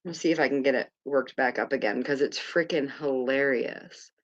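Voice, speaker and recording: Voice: medium pitch, fairly even intonation, normal speed, dull audio. A livestream host chatting casually, rambling and distracted, swearing offhand while sorting out links. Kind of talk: casual commentary chat.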